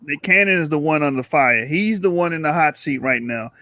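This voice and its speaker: A man's voice: a little high, lively intonation, a little fast, bright, forceful tone, no room sound. A man on a debate panel, speaking emphatically and stumbling for words. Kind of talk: casual debate chat.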